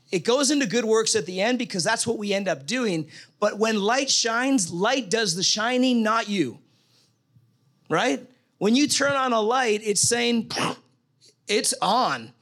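A man's voice: sits high, a bit bright. A man preaching a sermon, reading scripture aloud in a conversational, emphatic way.

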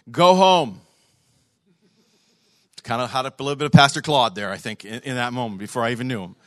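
A man's voice: mid-range voice, fairly bright tone, dry recording, studio quality. Emphatic middle-aged male pastor preaching. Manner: emphatic, repeats phrases for stress. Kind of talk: sermon. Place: church service.

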